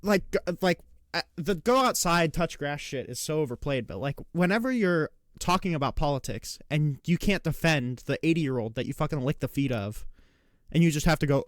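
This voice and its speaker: A reaction streamer with a high-leaning, expressive voice gives casual political commentary in a dry, studio-quality recording. He rants rapidly and in exasperation, swearing frequently, and slips into mocking put-on taunts when quoting opponents.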